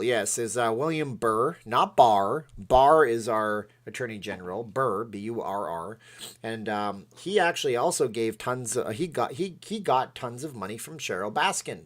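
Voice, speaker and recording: A man hosts a casual livestream in an ordinary mid-range voice. He talks in a rambling, excitable way, jumping between points and reading out viewers' comments as he goes. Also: mid-range voice. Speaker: livestream host. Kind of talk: casual chat.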